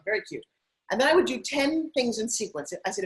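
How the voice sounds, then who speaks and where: A middle-aged woman guest telling stories in an interview, animated and putting on voices now and then. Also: medium pitch, fast, poor audio. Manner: animated, acts out her kids' voices. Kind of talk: interview storytelling.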